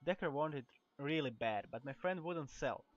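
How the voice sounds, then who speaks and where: A man's voice: fairly high pitch, animated, normal speed, natural voice. Chatty game shopkeeper woman, read by a man with a Croatian accent, stumbling through lines; lo-fi sound, faint music. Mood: wary. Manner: reads lines aloud with stumbles and restarts. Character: gossipy female weapon shopkeeper, chatty. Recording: dull lo-fi recording.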